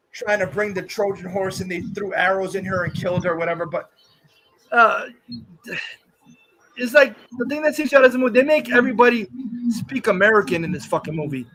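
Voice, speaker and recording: High, bright-voiced man ranting. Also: low-quality recording. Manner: rambling, swearing, frequent restarts; exasperated, scoffing. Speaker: host reviewing a movie. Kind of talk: profane live-stream rant.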